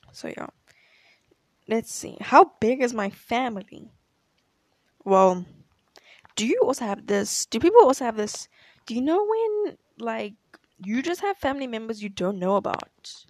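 Young woman yapping about her life, lots of "like"s and little laughs, mid-pitched, dry close mic. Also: expressive, moderate pace, no room sound. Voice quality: chatty, laughs often, fills with "like". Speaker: tennis player answering questions. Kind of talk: casual storytelling to camera.

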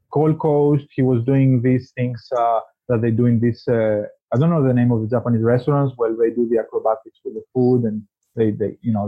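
A man's voice: medium pitch, slightly rough, highs cut off. A man speaking English as a second language, talking earnestly and passionately as a podcast guest, often restarting his phrases. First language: not English. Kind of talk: casual interview talk.

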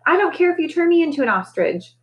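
A woman voicing an excitable female parrot messenger who squawks and scolds in a high, shrill voice. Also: fast talker, highs cut off. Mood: eager, gossipy.

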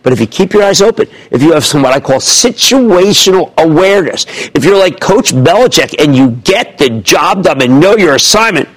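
Brief: man, 60s, animated market-show host, high lively husky voice, jokey riffs. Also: normal speed, hardly any pauses. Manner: emphatic, excitable, jokey, riffing. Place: TV studio.

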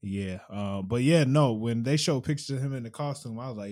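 A man's voice: medium pitch, brisk, mellow. A man co-hosting a podcast in casual chat, laid-back and joking, repeating himself for emphasis. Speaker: podcast co-host.

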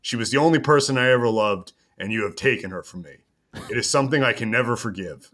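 A man's voice: mid-range voice, quick pace, fairly bright tone, natural voice. A man voicing a wounded, proud young man who speaks in formal, stiff sentences. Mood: solemn.

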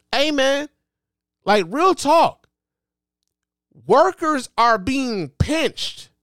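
A man with a high-pitched, fairly bright, clean voice hosts his own podcast, recorded close-mic with no echo. His solo commentary is impassioned and profane, heavy on repetition and emphasis.

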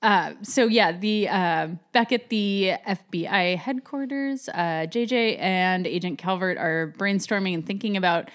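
A woman's voice: medium pitch, measured pace, hardly any pauses. Chatty sarcastic woman podcast co-host. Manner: chatty, sarcastic, acts out lines from scenes. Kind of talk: casual chat recapping a TV episode.

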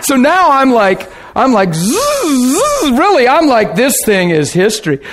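A man preaching, telling a lively testimony story with laughter and a short sung passage. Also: extremely high pitch, a little slow. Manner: animated storytelling, bursts of laughter, sings a hymn line. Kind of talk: testimony sermon.

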